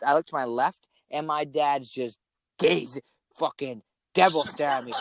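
A young man in casual chat, swearing often and telling stories with animated energy. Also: on the high side, moderate pace, no echo. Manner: swears a lot, animated storytelling.

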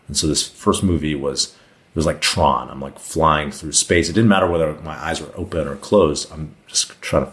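A man as a podcast guest, telling a long personal story in a casual, rambling way with lots of "like" fillers. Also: rumbling low.

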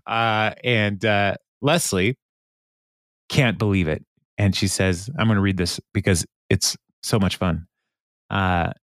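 A lower-voiced man chats through a recap, laughing a lot and dropping into quick quoted lines. The sound is dry and close, with no room around it. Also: fairly even intonation, fairly bright tone, no room sound. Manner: laughs often, quotes characters in quick bits. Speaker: podcast host recapping an episode. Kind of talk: casual recap chat.

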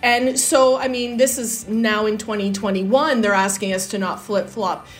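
A young Canadian woman with a Canadian accent, chatting casually and lively as a podcast guest. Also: medium pitch, normal speed, soft background music. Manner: lively, chatty, switches into Portuguese.

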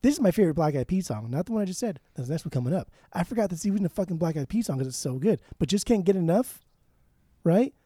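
A man's voice: on the high side, expressive, very fast, few pauses, mellow, no room sound, clean studio sound. A man co-hosting a casual podcast, talking enthusiastically, swearing often and breaking into sung snippets. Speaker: podcast co-host. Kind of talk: casual chat.

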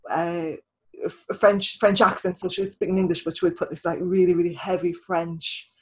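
A woman's voice: on the low side, little pitch movement, moderate pace, breathy edge, poor audio. Chatty woman host with stop-start speech. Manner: chatty, with frequent restarts and stammered repeats. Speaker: podcast host and writer. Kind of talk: casual conversational interview.

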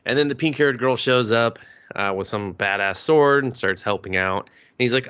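A man's voice: mid-range voice, normal speed, fairly bright tone, muffled recording. A man co-hosting a podcast, casually recapping an anime episode in a rambling way, quoting the characters and chuckling now and then. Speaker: podcast co-host.

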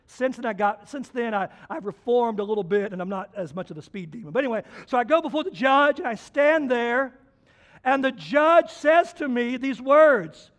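A man preaching a sermon, telling folksy stories in an animated way that swings from loud, emphatic lines to hushed ones. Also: very high-pitched, moderate pace. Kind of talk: sermon with storytelling.

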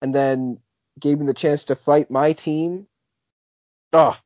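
A man's voice: a little high, fairly even intonation, takes it slowly, a little mellow, dry recording. A young man co-hosting a podcast in casual chat, rambling with lots of filler words and restarts. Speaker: podcast co-host. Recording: dull lo-fi podcast audio.

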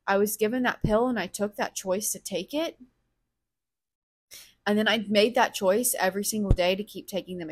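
A woman hosting a podcast, speaking in a candid solo monologue, blunt and profane, openly reflecting on her own feelings as she talks. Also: medium pitch. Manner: blunt, profane, emotionally raw; self-reflective, thinking aloud. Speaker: podcast host.

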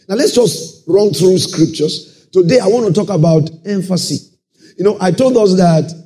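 Brief: male pastor, slightly high, warm tone, sermon with constant "praise the Lord" asides. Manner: peppers talk with "praise the Lord" and checks listeners follow. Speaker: preacher.

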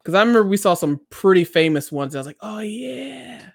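A co-host in a casual chat tells animated stories, breaking into squealing impressions of other people. The voice is mid-range and rapid-fire, with studio-quality sound and no echo.

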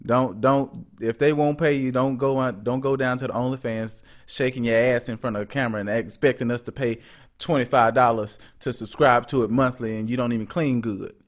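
A man's voice: mid-range voice, fairly even intonation, fairly quick. A male podcast host in casual chat, joking and slipping into a preacher-like church cadence.

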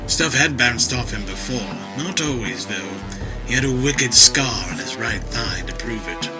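A man narrating an action story in a vivid, expressive storytelling manner. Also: medium pitch, a little slow, over music, rough recording.

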